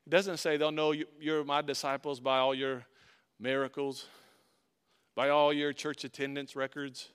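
A pastor delivering a sermon, reading scripture aloud and commenting on it, swinging between loud emphasis and hushed, quiet passages. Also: male voice, fairly high pitch, fairly even intonation, unhurried, clear, resonant tone.

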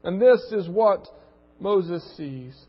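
A man's voice: high voice, animated, takes it slowly. A man preaching a sermon and reading scripture aloud, earnest and emphatic, repeating words as he builds a point. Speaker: pastor. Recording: muffled recording with long reverb.

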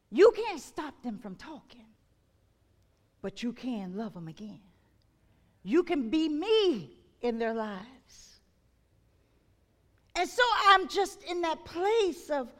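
A woman's voice: high-pitched, big pitch swings, slow, long pauses, fairly bright tone. A woman preacher delivering an impassioned sermon, her voice swelling and dropping as she calls out questions to the congregation.

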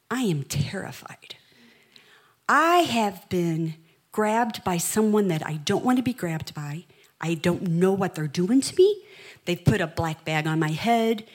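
Slow, storytelling woman preacher. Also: on the low side, breathy edge. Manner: storytelling, building from hushed to impassioned. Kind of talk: sermon.

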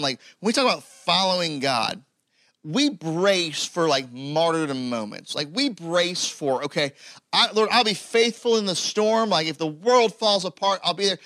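A man's voice: a little high, pushed and bright, no room sound. A man preaching a sermon in a conversational way, with many fillers, building toward emphatic points. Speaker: pastor.

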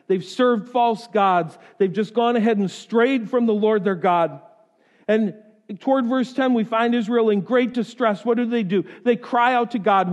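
A man's voice: extremely high pitch, moderate pace. A man preaching a sermon as pastor, earnestly acting out the pleas he quotes. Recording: echoey hall.

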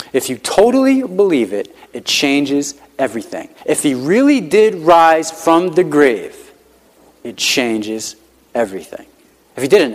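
A male pastor preaching a sermon in a conversational, emphatic way, repeating key lines and often saying "like". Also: a little high. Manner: conversational, emphatic repetition, frequent "like" fillers. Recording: hall with long reverb.

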